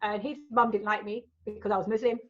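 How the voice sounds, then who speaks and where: A woman's voice: medium pitch, fast talker, dull audio. A woman, a guest in a casual interview, telling her stories candidly and swearing freely. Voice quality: frank and animated, swears freely.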